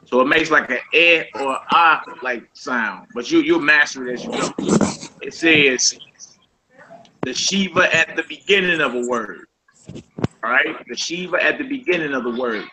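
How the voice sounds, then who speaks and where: A man teaching a casual group Hebrew lesson over a voice call, quizzing his students in a relaxed, conversational way. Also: on the high side, moderate pace, noisy background.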